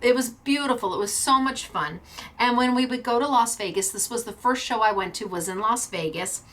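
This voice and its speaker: A middle-aged woman hosting a craft class, telling a casual anecdote as a lively storyteller who laughs often. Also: fairly high pitch, a little fast.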